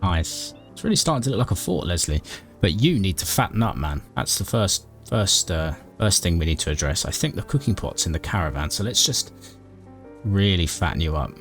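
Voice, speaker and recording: Lowish male gaming narrator, deadpan and mock-dramatic, over soft music. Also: brisk. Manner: dry, mock-dramatic, talks to his character. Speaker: gaming YouTuber narrating a playthrough. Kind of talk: comedic game commentary and narration.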